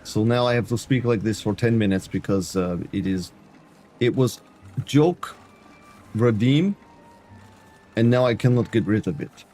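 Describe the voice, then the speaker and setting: A man live-streaming a game in a deliberately bad, broken-English Eastern European put-on, mock-serious and dropping his articles. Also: on the low side, mellow, faint music behind, lightly acted. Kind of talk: playful accent bit while live-streaming a game.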